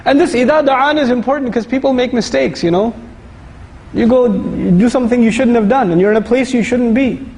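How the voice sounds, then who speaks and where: A man giving a lively, conversational sermon-style lecture, reciting Arabic verses and explaining them. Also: very high-pitched, rapid-fire, big-room sound, low-quality recording. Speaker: Islamic lecturer.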